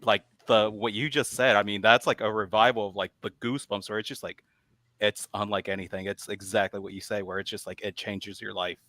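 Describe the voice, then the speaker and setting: A man's voice: fairly low pitch, little pitch movement, a little fast, bright, forceful tone, no room sound. A man hosting a casual chat, reacting to a guest with laughter and loose, rambling sentences. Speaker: host.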